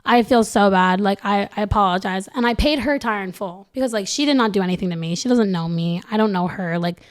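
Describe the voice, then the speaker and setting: A woman's voice: mid-range voice, brisk. A young woman, a podcast guest, telling a personal story in a casual, rambling way and filling nearly every phrase with "like.".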